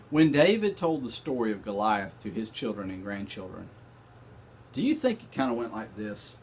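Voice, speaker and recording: A man's voice: lowish voice, a little mellow, slight background noise. A man teaching a Bible study lesson, talking conversationally and addressing the class directly.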